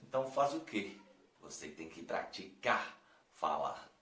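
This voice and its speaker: An American man teaching English, explaining phrases and modeling them slowly for learners. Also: sits low, sing-song, pushed and bright. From United States. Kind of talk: language lesson. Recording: roomy echo.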